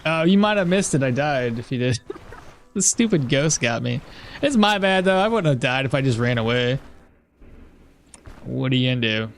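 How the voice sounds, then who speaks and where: A man's voice: mid-range voice, expressive, normal speed, long pauses, slight background noise. A man giving casual gameplay commentary, thinking aloud as he plays and laughing at chat messages. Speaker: gameplay streamer.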